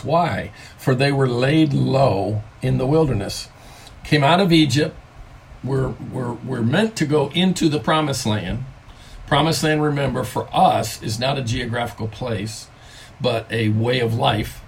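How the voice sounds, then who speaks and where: An older man, a grandfather, giving a conversational devotional talk from home, stressing key words by slowing down on them. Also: mid-range voice, a little hiss or hum. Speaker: pastor.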